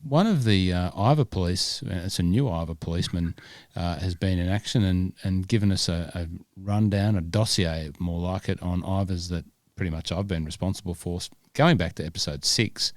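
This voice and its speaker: A man's voice: low-pitched, normal speed, dry recording, clean studio sound. A man, born in Scotland, hosting a golf podcast in rambling casual chat full of fillers and restarts. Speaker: podcast host.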